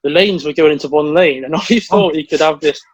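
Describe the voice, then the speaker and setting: Fast-talking young man telling stories. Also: a little high, dry recording, lo-fi sound. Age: young adult. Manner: rambling storyteller, quick and excitable. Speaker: podcast co-host. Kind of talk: casual chat.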